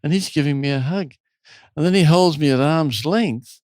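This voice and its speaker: A man's voice: on the high side, moderate pace, no echo. A man who runs a retreat, telling a long story in an interview and acting out the people in it. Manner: animated storyteller, acts out quotes. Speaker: retreat host.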